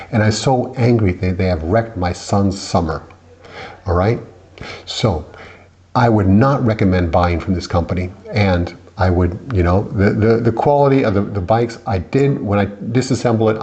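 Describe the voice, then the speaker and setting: Deep-voiced irritated middle-aged man. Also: darkish tone. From United States. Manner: irritated, rambling with many restarts. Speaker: vlogger. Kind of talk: angry complaint vlog.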